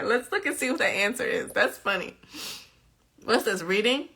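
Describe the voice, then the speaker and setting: In a casual live-stream quiz, a woman tutors nursing students, chatty and playful and often laughing as she reads the questions out. Her mid-range voice is animated, pushed and bright, moving at a normal speed.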